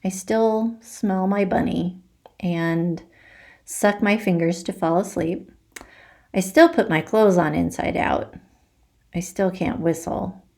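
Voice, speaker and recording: A woman teacher reading a children's book aloud for virtual story time, slow and expressive. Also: lowish voice, creaky.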